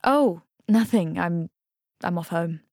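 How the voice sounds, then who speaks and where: A woman's voice: fairly low pitch, animated, slow pace, a little mellow, no echo. A woman voicing a reserved young woman with a London accent who answers in dry, guarded replies, read in an audiobook. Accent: London English.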